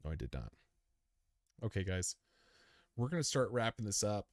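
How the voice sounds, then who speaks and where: Very animated at normal speed, a man with a lowish voice speaks on a studio-quality recording with no echo. He's a crypto live-stream host, tired after a long session, casually chatting and answering comments in a rambling, chummy, laid-back way and calling viewers dude.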